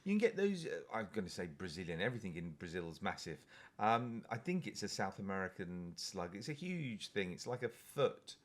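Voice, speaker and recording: A man's voice: on the low side, sing-song, fairly quick. A man co-hosting a comedy podcast, teasing dryly, with many ums and restarts. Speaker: podcast co-host. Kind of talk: casual comedic chat.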